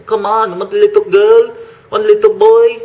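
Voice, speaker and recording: A man's voice: level tone, moderate pace, warm tone, highs cut off, natural voice. A man doing a pushy tout in a mock Cambodian accent. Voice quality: high, nagging, repetitive sales pitch.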